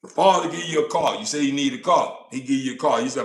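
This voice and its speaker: A man's voice: mid-range voice, fast. A man delivering a blunt, profane, impassioned monologue about God, acting out God and doubters in turn. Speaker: informal preacher. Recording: roomy echo.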